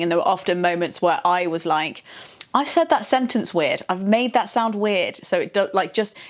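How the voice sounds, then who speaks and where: A woman chatting casually to camera as a vlog host, explaining things step by step and laughing often. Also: lowish voice. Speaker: author and video host.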